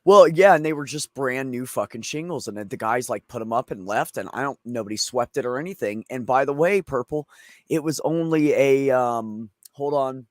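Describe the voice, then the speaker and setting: A man rambles through a story as host of a casual chat, swearing freely as he goes. His voice sits in a middle pitch. The sound is dry and close, with no room. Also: normal speed, no echo. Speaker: streamer host.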